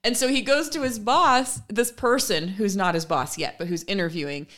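A woman co-hosting a chat show, retelling a funny video in a lively way and acting out the quoted voices. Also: mid-range voice, normal speed. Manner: animated storyteller, acts out quoted voices, laughs often. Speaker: podcast co-host.

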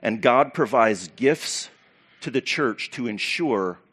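Guy preaching in church, animated, loud bursts then quiet asides. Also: mid-range voice, slow pace, husky. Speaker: pastor. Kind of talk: sermon.

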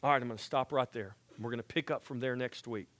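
A pastor preaches a sermon quickly in a medium-pitched voice. He swings between hushed passages and loud exhortations, dropping in folksy, joking asides.

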